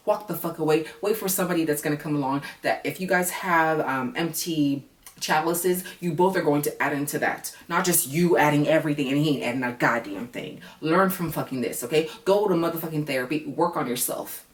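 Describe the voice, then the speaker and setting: A woman's voice: deep voice, a little fast, roomy sound, far from the mic. A woman who reviews reality TV in a casual vlog, ranting bluntly and with a lot of profanity.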